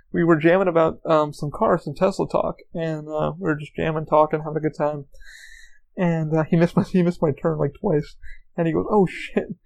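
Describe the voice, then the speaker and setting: A man's voice: on the high side, level tone, normal speed, vocal fry, darkish tone. A man hosting a podcast, telling stories in a casual monologue, swearing a lot and stumbling over repeated words. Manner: profane, repetitive, stammers on restarts. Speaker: podcast host.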